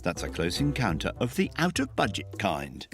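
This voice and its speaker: A man's voice: lowish voice, wildly swooping pitch, normal speed. A man giving scripted TV narration in a playful, punning style. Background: music.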